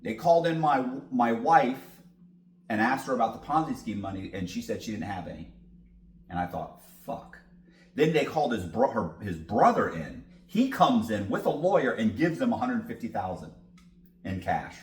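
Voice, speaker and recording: A man's voice: medium pitch, big pitch swings, normal speed, reverberant. A man guest in an interview, telling a long story with lots of cursing and acted-out dialogue. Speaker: podcast guest.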